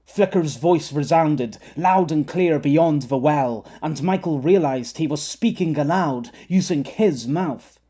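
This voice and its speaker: A man narrating an audiobook in a measured storytelling manner. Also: fairly high pitch, warm tone. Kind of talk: scripted narration.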